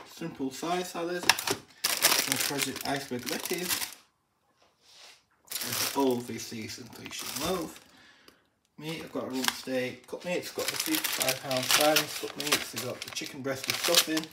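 Very low-voiced woman listing groceries. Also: heavy background noise. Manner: plain item-by-item listing with hesitant fillers. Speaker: parent vlogger. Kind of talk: casual grocery haul. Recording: roomy distant mic with loud bag rustling.

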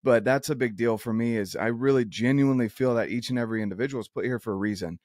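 An earnest male podcast host with a voice of middle pitch, chatting with a guest in a loose, rambling way. His voice is recorded close and dry, with no room sound. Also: fast, a little mellow, dry recording. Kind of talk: casual interview chat.

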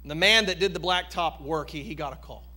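A male pastor tells a story during a sermon, emphatic and animated. His voice sits high for a man, and his tone is bright and forceful. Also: a little fast.

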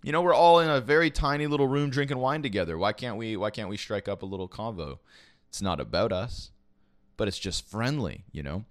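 Animated and a little fast, a young man from Quebec rambles through a casual story, cursing often and leaning on "you know" and "like." His pitch sits fairly low, and the dry recording has studio quality. He works as an esports caster and podcast host.

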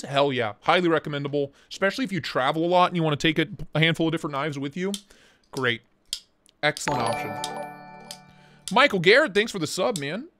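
A man hosting a casual livestream, talking in an excitable, slangy way and swearing freely. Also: a little high. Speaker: livestream host.

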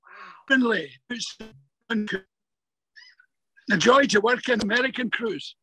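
Older male actor guest, unusually high pitch, chatty and stumbling storyteller. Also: slightly rough, dry recording, rough recording. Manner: halting, repeats words, animated anecdotes. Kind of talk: remote interview, casual storytelling. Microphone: video call.

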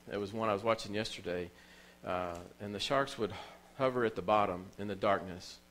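Low-voiced emotional male preacher. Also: a bit bright, slight background noise, low-quality recording. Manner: emotional storytelling preacher, repeats phrases for emphasis. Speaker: pastor. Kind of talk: sermon. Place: church.

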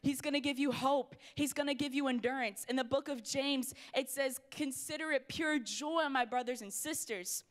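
Lively woman preaching to youth. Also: high-pitched, normal speed, hardly any pauses. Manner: energetic, playful, talks straight to the crowd. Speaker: youth pastor. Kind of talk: youth sermon. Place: church hall before a youth crowd.

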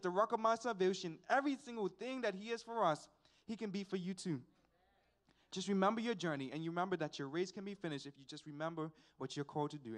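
A young man from Bermuda speaks in a notably high register as he preaches. He tells his story in an earnest, relaxed way, chuckling now and then as he leads into a spiritual lesson. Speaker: young preacher at a graduation service. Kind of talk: personal testimony sermon.

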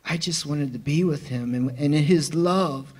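A man telling a personal testimony in a chapel, excited and laughing often as he acts out the people in his story. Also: on the high side, normal speed, slightly rough. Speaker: church member giving testimony.

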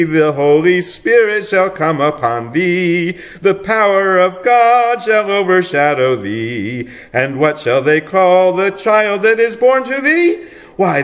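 A man reading a storybook, voicing the angel Gabriel as a gentle male angel who murmurs softly and sometimes sings out high. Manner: soft murmuring speech, breaks into high singing.

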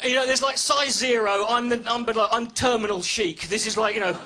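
A man's voice: very high voice, steady tone, a little fast, sharp tone. A man doing a stand-up comedy set on a club stage into a handheld mic, sardonic, sweary and self-mocking. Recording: echoey live venue with crowd laughter.

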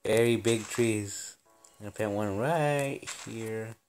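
A man's voice: on the low side, slow, darkish tone, faint music behind. A young man casually commenting on his building game, playful and rambling, making up silly stories. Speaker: game channel host.

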